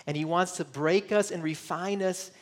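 A man's voice: high-pitched, fairly even intonation, moderate pace. A middle-aged man from Michigan preaching a sermon, earnest and personal, voicing searching questions and at times close to tears. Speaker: pastor.

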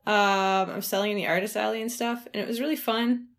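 A woman co-hosting a podcast in relaxed, casual chat, hesitant and full of ums. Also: medium pitch, fast. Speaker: podcast co-host.

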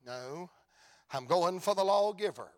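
A man voicing a desperate biblical father who answers in a low, hushed, solemn voice. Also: expressive, unhurried. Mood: resolute.

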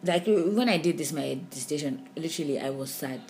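A Nigerian woman talks through a podcast discussion in a somewhat low voice, animated and full of restarts. She keeps checking in with her listener. There is a faint hum of room ambience behind her. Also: a little fast. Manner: animated, with frequent restarts and "do you understand?". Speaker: podcast co-host. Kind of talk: casual discussion.

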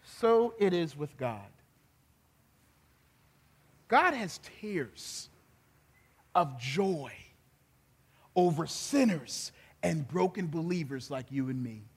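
A male pastor, preaching an animated sermon that swings from soft to loud and grows emotional. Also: on the high side, takes it slowly, pauses often, slightly rough. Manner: gets emotional and laughs while speaking.

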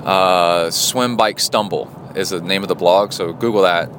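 Man, podcast host, fairly low voice, chatty and rambling, faint traffic behind. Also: unhurried. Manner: rambling, chatty, many fillers. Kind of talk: casual spoken diary.

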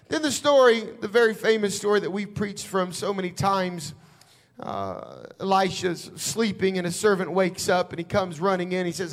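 High-voiced preacher storytelling with dramatic force. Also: male voice. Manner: dramatic storytelling, building to shouts. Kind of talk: sermon.

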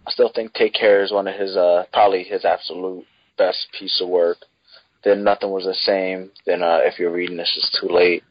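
A podcast co-host with a lowish, husky voice, talking casually and hesitantly with plenty of ums. The sound is dry and somewhat dull. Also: male voice, little pitch movement, moderate pace, no room sound. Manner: hesitant, lots of ums, lists tracks. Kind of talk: casual chat, album review.

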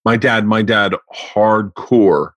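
A man in his forties, a comedian hosting a podcast, telling stories in a casual, profane, animated way. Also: lowish voice, slow pace, no echo. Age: 40s. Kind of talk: casual storytelling chat.

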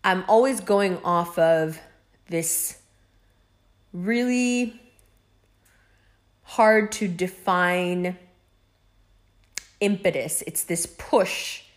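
A woman's voice: fairly low pitch, drawn-out words, long pauses. A young woman hosting a podcast, telling rambling, profane stories in a casual monologue, laughing often. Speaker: podcast host.

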